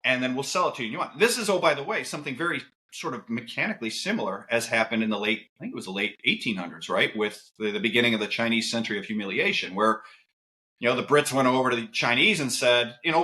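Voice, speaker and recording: A man who is a podcast guest, talking casually and telling stories with quick asides. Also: medium pitch. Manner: animated, lively storytelling with quick asides.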